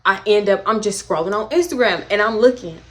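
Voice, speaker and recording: A young woman with a Houston accent telling a casual storytime, animated and swinging between hushed and exclaiming. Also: medium pitch, a little fast. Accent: Houston, Texas. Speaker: storytime vlogger.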